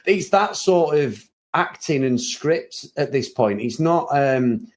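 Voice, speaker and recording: A man co-hosting a casual film review chat, animated and often laughing, with mock-serious asides. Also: mid-range voice, slow pace. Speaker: podcast co-host.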